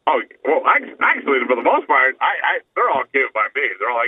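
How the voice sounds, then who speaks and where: A man's voice: medium pitch, very animated, a little fast, husky, no room sound. A man, co-hosting a podcast in casual comedy banter, rambling and restarting his sentences. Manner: rambling, self-interrupting. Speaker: podcast co-host. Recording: tinny phone-line sound.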